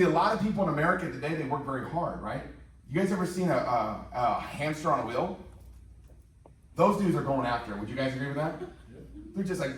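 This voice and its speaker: Man from Indiana, quick upbeat sales talk, slightly high voice, heard from a distance in an echoey room. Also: slight background noise. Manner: fast, joking, asks the audience questions. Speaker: presenter. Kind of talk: sales presentation to a live audience. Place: company office meeting room.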